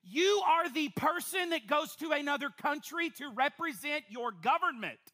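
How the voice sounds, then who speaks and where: A woman pastor, preaching a sermon to a congregation in an animated, playful way with quick asides. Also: high-pitched. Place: church before a congregation.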